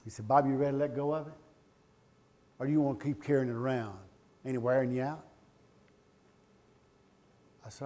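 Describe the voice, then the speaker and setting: A middle-aged man giving a speech to a live audience, telling a personal story with passion, swinging between loud pleading and quiet, emotional confession. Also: medium pitch, fairly even intonation, brisk, long pauses. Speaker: motivational speaker.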